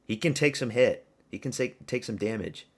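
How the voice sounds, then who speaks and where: A man hosting a fight watch-party stream, giving excitable, profane live reactions and yelling at the screen. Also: medium pitch, normal speed, husky.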